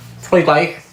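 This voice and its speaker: A man's voice: medium pitch, slight background noise. Scouse man ranting in a roomy space. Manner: profane, mocking, scornful. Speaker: podcast host. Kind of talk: casual ranting commentary.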